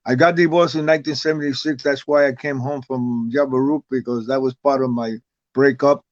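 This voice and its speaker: A man's voice: mid-range voice, fairly even intonation, fairly quick, no room sound. An older man, a guest on an interview, telling a long story in a rambling way, often stumbling and repeating words. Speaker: guest, retired wrestler. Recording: dull, lo-fi, dry sound.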